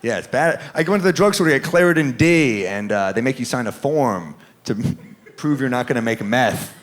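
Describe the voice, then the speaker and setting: A man performing a stand-up comedy set in a club, with a wry, deadpan delivery and quoted asides. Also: mid-range voice, moderate pace. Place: comedy club stage with laughing audience. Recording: live club recording with audible crowd.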